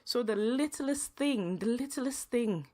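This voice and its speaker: A woman's voice: fairly high pitch, lively intonation, takes it slowly, a little mellow. A young adult woman hosting a podcast, telling personal stories in a casual, emotional way with frequent restarts. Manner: emotional, earnest storytelling with many restarts. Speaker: podcast host.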